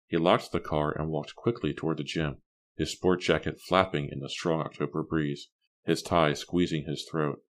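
Very deep-voiced male audiobook narrator. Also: little pitch movement, normal speed. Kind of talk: scripted narration.

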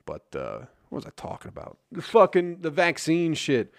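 A man's voice: fairly high pitch, huge pitch swings, moderate pace, vocal fry, no room sound, clean studio sound. A man hosting a solo podcast, ranting in a grumpy, sarcastic, profane way. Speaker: podcast host.

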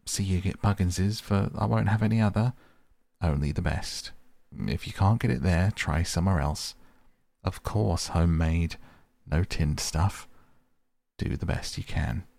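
A masterful male water rat takes charge in brisk, hearty orders, voiced by a man reading a bedtime story. The voice sits deep and gravelly with a husky grain, close and dry. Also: darkish tone, no echo.

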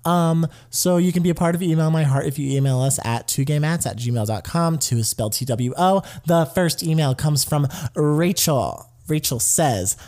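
Male podcast co-host, bit higher voice, animated storyteller. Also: normal speed, hardly any pauses. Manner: animated storyteller, acts out quotes. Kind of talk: casual chat.

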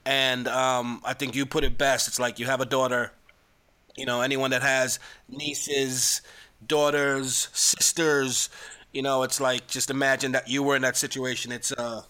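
Male co-host, bright forward voice, measured and agreeable. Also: medium pitch, little pitch movement. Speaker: podcast co-host. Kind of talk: casual chat.

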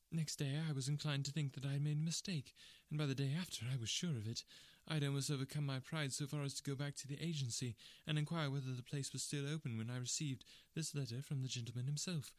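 A man narrating a classic first-person story in a measured, precise audiobook reading. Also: mid-range voice, no room sound.

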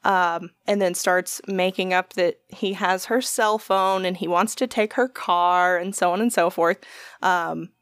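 A woman's voice: lowish voice, a little slow, clear, resonant tone, no echo, studio quality. A young adult woman telling a long story in casual chat, swearing often and acting out what people said. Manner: profane, animated storytelling with quoted voices.

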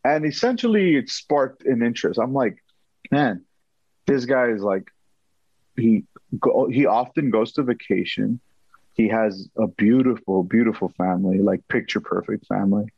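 A man telling a story as an interview guest, animated and acting out quotes, often repeating himself. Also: on the low side, moderate pace, slightly rough, dry recording, muffled recording.

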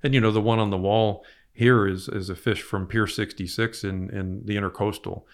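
A man's voice: lowish voice, steady tone, normal speed. An older man telling rambling fishing stories in a casual interview, repeating his words as he goes. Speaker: fishing guide guest.

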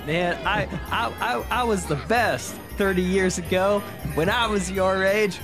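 A man plays a bitter, out-of-shape old reindeer who brags about his glory days and sneers at the young ones. His voice sits a little higher than usual and comes out loud and griping. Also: measured pace, over music. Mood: boastful. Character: bitter washed-up male reindeer, boastful, out of shape.

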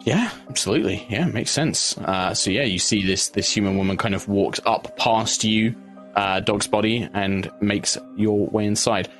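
Halting, low-voiced male game master. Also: faint music behind. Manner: meandering, halting, fond of fillers. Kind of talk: narrating a tabletop game.

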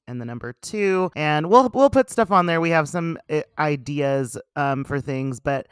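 A young woman co-hosting a casual podcast, chatty and animated, swearing casually as she talks. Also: low voice, normal speed, clear, resonant tone, no room sound, studio quality. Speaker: podcast co-host. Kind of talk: casual chat.

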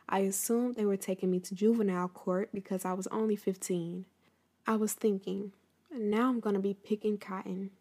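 In a dark-toned voice of medium pitch, this host recounts a bit of history to her listeners, keeping it conversational and speaking right to them. Afterward she reads aloud a passage from a book.

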